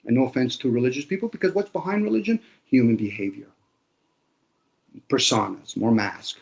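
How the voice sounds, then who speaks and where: A man's voice: mid-range voice, big pitch swings, a little fast, vocal fry. A man in a casual conversation, talking bluntly with lots of swearing and sarcasm. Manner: blunt, profane ranting.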